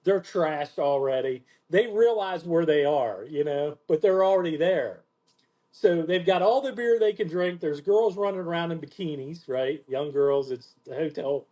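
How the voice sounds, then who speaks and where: A man hosting a podcast, telling an animated story in casual chat, swearing freely and acting out what people said. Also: normal speed. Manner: animated, profane, acts out quotes in a lower voice. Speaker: podcast host.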